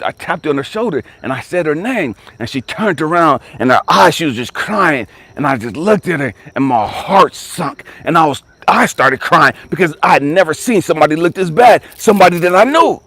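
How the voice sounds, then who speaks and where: A man, a life coach, telling a personal story dramatically, jumping from excited high bursts to hushed, whispery lows and urging listeners to stay with him. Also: normal speed, no room sound. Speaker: life coach and motivational speaker.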